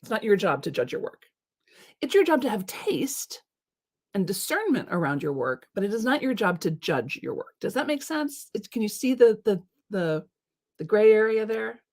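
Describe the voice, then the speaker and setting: A woman host giving casual motivational advice in a chatty, lively way, full of filler words and small laughs. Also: medium pitch, moderate pace.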